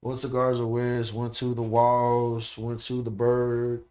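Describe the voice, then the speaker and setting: Man, podcast guest, casual chat, animated and profane, middle pitch. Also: slow. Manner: animated, profane storytelling with frequent "you know what I'm saying".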